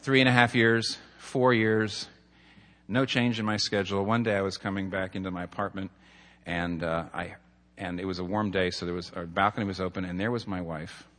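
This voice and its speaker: A man's voice: low-pitched, fairly even intonation, fairly quick, a bit bright. Earnest male pastor preaching in a reverberant hall. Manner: earnest, builds to emphatic points, tells stories. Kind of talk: sermon.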